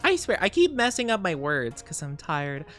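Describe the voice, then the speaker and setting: A woman's voice: lowish voice, sing-song, normal speed, a bit bright, soft background music. A tired woman streamer rambling and giggling in casual chat, greeting viewers as she goes.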